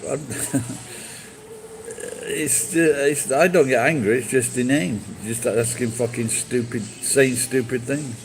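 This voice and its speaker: A man's voice: mid-range voice, slow pace, slight background noise, low-quality recording. A man live streaming and chatting with viewers, blunt and profane as he berates them.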